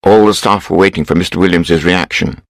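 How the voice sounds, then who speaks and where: Low male narrator, steady measured storybook reading, close and dry. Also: creaky, dry recording, low-quality recording.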